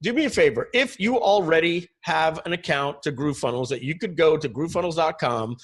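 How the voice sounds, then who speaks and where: A man's voice: a little high, animated, a little fast, slightly rough. A middle-aged man whose first language is French, presenting on a webinar over a video call in a chatty storytelling way with many fillers. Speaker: guest presenter.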